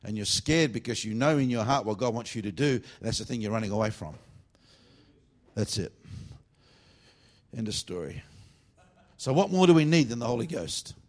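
A male revival preacher delivering a sermon at a church meeting. He lurches from loud, fervent bursts down to low, confiding asides. His voice sits at an ordinary middle pitch. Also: lively intonation, moderate pace, pauses often.

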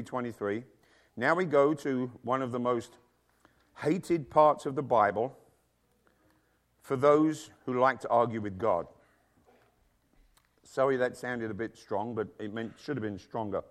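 A middle-aged man preaching a sermon to his church, emphatic and full of rhetorical questions. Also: mid-range voice. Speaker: pastor. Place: church with congregation and children.

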